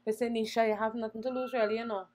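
A young woman singer, a guest in an interview, telling her story in an animated way and acting out the voices she quotes. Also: a little high, racing. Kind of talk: conversational storytelling.

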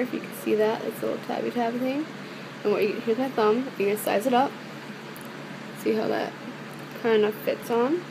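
A woman's voice: fairly high pitch, creaky. Chatty woman over a noisy home recording. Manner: rambling and chatty, many fillers. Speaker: beauty vlogger. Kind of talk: casual product demo. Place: her room at home.

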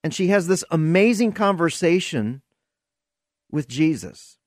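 Slow, earnest higher-voiced man preaching. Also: lively intonation, no echo, clean studio sound. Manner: earnest, emphatic storyteller. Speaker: podcast host. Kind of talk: preaching-style podcast monologue.

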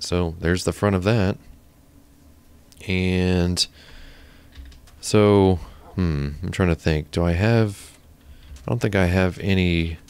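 A man's voice: low-pitched, creaky, clear, resonant tone. A man hosting his own gaming channel, chatting casually and thinking aloud while he builds. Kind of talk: casual gameplay commentary.

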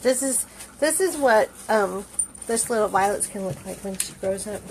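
A woman's voice: mid-range voice, expressive, normal speed, a little mellow, a little hiss or hum. A woman dog breeder filming a puppy on her phone at home, chatting casually and cooing baby talk with frequent laughs.

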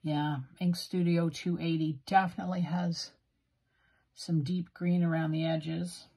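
A woman with a flat Western Canadian accent narrates her ink swatching in a slow, unhurried way. Her voice is husky and sits a little low. She muses aloud and pokes fun at herself. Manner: slow, self-deprecating, musing aloud. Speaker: stationery video host.

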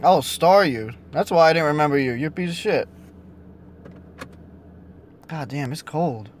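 A young man talking to himself while he plays a phone game, frustrated and swearing, a little hoarse from losing his voice. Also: fairly high pitch, lively intonation, unhurried, slight background noise. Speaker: vlogger playing a mobile game. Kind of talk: casual vlog commentary.

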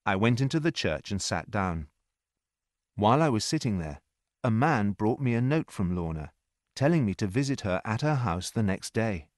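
A man narrating a story in a slow, clear reading voice. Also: lowish voice, very animated, darkish tone, dry recording, studio quality. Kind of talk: scripted narration.

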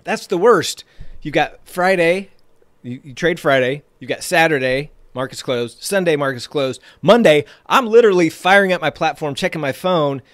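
A man's voice: on the high side, moderate pace, no echo. Fired-up motivational man, dry sound. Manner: energetic, emphatic, repeats phrases for effect. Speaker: podcast host and trading coach. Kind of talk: motivational podcast monologue.

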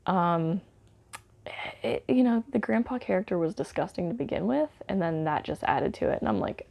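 Gravelly, low-voiced woman reviewing movies. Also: expressive, moderate pace, darkish tone. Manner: rambling, with frequent fillers and wry asides.

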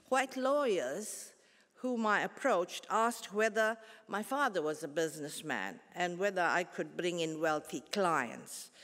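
A woman, giving a formal public lecture in a measured, earnest way with pauses and restarts. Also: lowish voice, fairly bright tone. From South Africa. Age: 70s. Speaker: guest lecturer. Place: large concert hall. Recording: long hall reverb.

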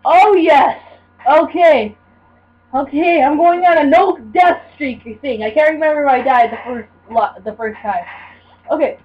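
A woman giving casual gameplay commentary, excitable and yelping at the game. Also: high-pitched, unhurried. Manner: excitable, shouts and yelps at the game. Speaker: gamer. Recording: dull lo-fi recording.

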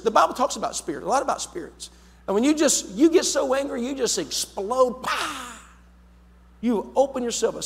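A man preaching a sermon as pastor, emphatic, repeating his words and swinging between loud and soft. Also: sits high, slightly rough. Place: church sanctuary. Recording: long hall reverb in a church.

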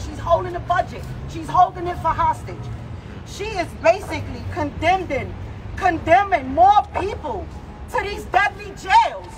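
A grieving mother with a New York accent gives a raw, emotional protest speech at an outdoor city rally. She rises to shouts and chokes up. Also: very high voice, animated, a little slow, music in the background. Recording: noisy outdoor rally with crowd. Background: crowd and street traffic.

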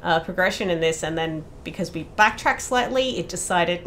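A woman's voice: on the low side, lively intonation, moderate pace, fairly bright tone, a little hiss or hum. A woman playing a horror game, talking casually to herself, swearing freely and screaming when startled. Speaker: let's play streamer. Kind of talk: casual gameplay commentary.

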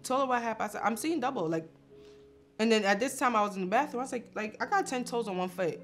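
Animated young woman telling a story. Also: medium pitch, quick pace, faint music behind. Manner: animated, laughing, acts out quotes. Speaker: vlog host. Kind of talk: casual storytelling.

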